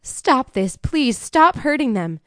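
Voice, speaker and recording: A terrified young mother begging for her daughters, as a woman narrator puts her on in a thriller audiobook. The voice rises higher than the narration, in a dry, close recording. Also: big pitch swings, slow pace, no echo, exaggerated voice. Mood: pleading. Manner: pleading, desperate.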